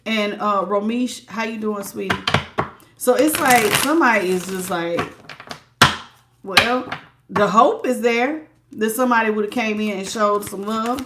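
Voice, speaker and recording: A woman's voice: mid-range voice, a little slow, very noisy. A woman giving a live tarot reading, chatty and emphatic, greeting viewers by name and repeating words for stress. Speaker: tarot reader.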